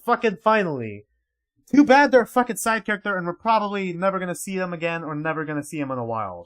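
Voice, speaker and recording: A man casually reacting to a webcomic on a livestream, excitable and crude, swearing freely. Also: high-pitched, quick pace.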